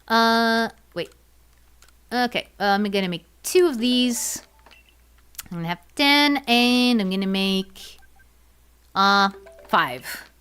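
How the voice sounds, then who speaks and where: A woman chats casually while playing on stream, talking slowly and thinking out loud. Her voice is smooth and clear, and she drifts through fillers and repeats with a giggly, self-mocking tone. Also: fairly high pitch. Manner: rambling, thinks aloud with many fillers and repeats. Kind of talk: casual gaming livestream chat.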